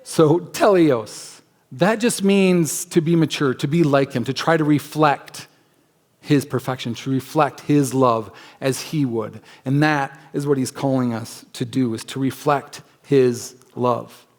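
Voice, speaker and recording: A man preaching a sermon as pastor in a church, conversational and emphatic, acting out quick asides in other voices. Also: mid-range voice, darkish tone. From United States. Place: church sanctuary.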